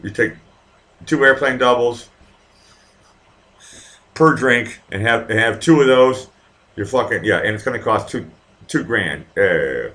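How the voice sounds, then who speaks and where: A man's voice: medium pitch, animated, measured pace, long pauses, fairly bright tone. A man with a light Boston accent hosting a casual live stream from his home, chatting with viewers in a rambling, profane way. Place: home in Vienna.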